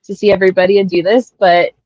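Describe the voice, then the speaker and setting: A woman's voice: medium pitch, flat delivery, fast, darkish tone, no echo, lo-fi sound. A woman guest on a casual live-stream podcast, friendly and laughing easily, giving short replies.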